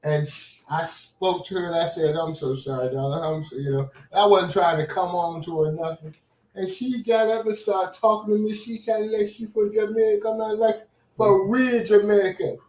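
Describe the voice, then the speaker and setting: An older man, telling rambling, animated anecdotes in casual chat as a show host. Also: sits high, moderate pace. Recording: echoey room.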